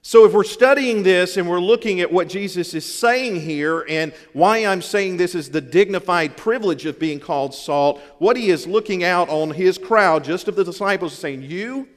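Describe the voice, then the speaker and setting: Folksy Southern pastor preaching in a hall. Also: male voice, sits high, normal speed, few pauses. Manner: folksy, humorous preaching with emphatic repetition. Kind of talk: sermon. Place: church sanctuary. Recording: long hall reverb.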